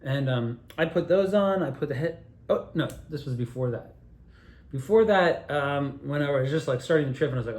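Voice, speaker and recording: A man's voice: a little high, expressive, normal speed, a little mellow, reverberant. A man telling loose, digressive personal stories, swearing and laughing at himself as he goes. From Altoona area, Pennsylvania. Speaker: storyteller. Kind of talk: rambling personal storytelling.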